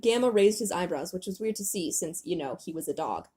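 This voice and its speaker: A young woman with a husky, slightly breathy voice reads her own childhood novel aloud. Her pitch swings widely as she acts out the dialogue, and she keeps breaking off to mock her old writing. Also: a little fast. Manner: animated reading, breaking into laughter.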